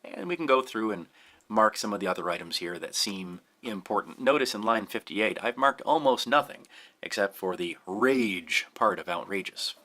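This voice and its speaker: A man teaching a lesson, speaking clearly and deliberately and stressing key words as he explains. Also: fairly low pitch, lively intonation, bright, forceful tone. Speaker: Shakespeare teacher.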